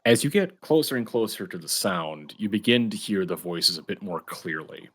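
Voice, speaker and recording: A man with a fairly low voice narrates a tabletop game as game master. He talks loosely, with many fillers and restarts, describing scenes and calling for rolls. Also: expressive, normal speed, fairly bright tone.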